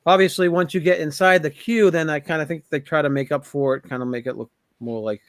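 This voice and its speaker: A man's voice: fairly high pitch, steady tone, fast talker, no echo, clean studio sound. A man guesting on a casual chat, talking loosely and thinking aloud.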